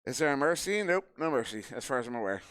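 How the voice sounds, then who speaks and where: A male esports caster calls a live match at an event venue in a fast, mid-range voice with big pitch swings and a fairly bright, clean tone; the sound is clean studio quality with no echo. Between plays he chats and jokes with people in the room.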